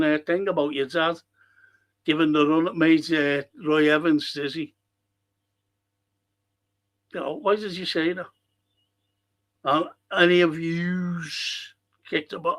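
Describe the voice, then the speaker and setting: A man hosting a live football watchalong, reading chat messages aloud and answering them in a blunt, sweary, quick-tempered way. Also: a little high, steady tone, fairly bright tone.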